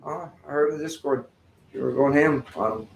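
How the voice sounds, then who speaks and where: A man's voice: fairly high pitch, brisk, vocal fry. A man bantering on a live betting stream, laughing, teasing and swearing often. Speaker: co-host. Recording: echoey room.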